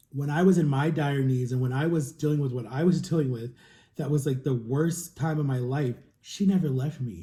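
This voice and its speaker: A man in his thirties with a warm, mid-range voice talks earnestly and at length, as on a mukbang vlog. As a vlogger sharing emotional thoughts, he rambles and repeats himself, and the room sounds echoey.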